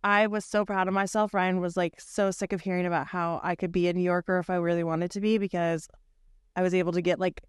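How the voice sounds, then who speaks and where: A woman in her thirties from the United States, co-hosting a podcast and telling travel stories in a lively, chatty way. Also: lowish voice, quick pace, clean tone, no echo, clean studio sound. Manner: animated, chatty storyteller. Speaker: podcast co-host. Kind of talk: casual chat.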